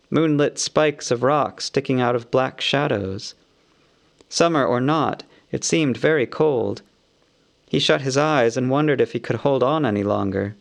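A man narrating a fantasy audiobook in a measured, expressive storytelling manner. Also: medium pitch, creaky.

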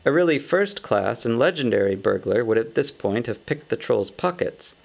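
A man narrating a storybook aloud in a measured, wry manner. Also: mid-range voice, lively intonation, vocal fry. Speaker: audiobook narrator.

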